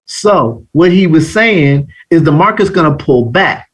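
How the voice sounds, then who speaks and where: Brief: male trading coach on a livestream, animated storyteller. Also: a little high, measured pace, husky. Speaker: trading instructor. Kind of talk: live online trading lesson.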